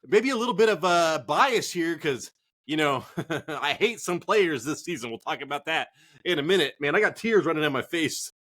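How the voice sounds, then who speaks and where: A man's voice: on the high side, animated, moderate pace, a bit bright. A man co-hosting a casual sports chat show, joking, laughing and swearing as he talks. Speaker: podcast co-host. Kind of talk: casual chat while drinking.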